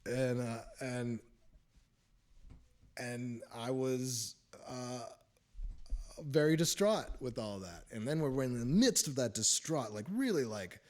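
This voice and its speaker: A man's voice: mid-range voice, expressive, takes it slowly, long pauses. A man hosting a casual spiritual talk, rambling through his testimony and chuckling often. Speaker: host of a spiritual talk show.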